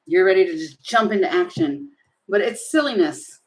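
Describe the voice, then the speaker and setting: A woman's voice: mid-range voice, animated, moderate pace, a little hiss or hum, poor audio. A woman giving a casual tarot reading, chatty and giggly, thinking aloud as she turns the cards. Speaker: tarot reader.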